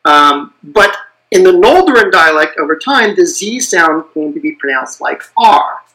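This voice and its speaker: A man's voice: fairly high pitch, lively intonation, measured pace, bright, forceful tone, rough recording. A man patiently explaining language details in a podcast conversation, with frequent "uh" fillers. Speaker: guest expert on invented languages.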